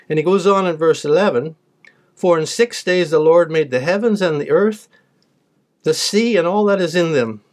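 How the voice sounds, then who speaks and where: Higher-voiced man preaching from scripture. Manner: reads verses aloud then explains them plainly, with some restarts. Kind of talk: sermon with scripture reading.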